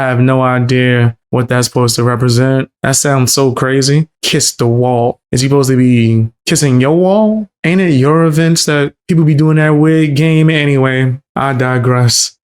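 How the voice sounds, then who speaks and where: Guy doing casual reaction commentary, slangy and mocking, mid-pitched voice, sounds like he can't believe what he's seeing. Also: smooth. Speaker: commentary channel host.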